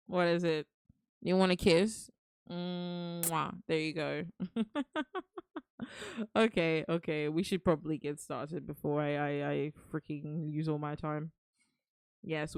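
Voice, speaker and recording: Lower-voiced chatty woman streamer. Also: steady tone, slow, creaky, long pauses, smooth, no echo. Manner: chatty, affectionate, calls viewers darling. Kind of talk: casual live-stream chat.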